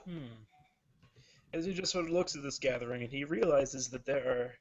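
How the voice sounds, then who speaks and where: A man narrates his character at a tabletop game. He speaks in a steady, descriptive way at a middling pitch. The sound is muffled and lo-fi. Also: normal speed. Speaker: player. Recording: muffled lo-fi recording.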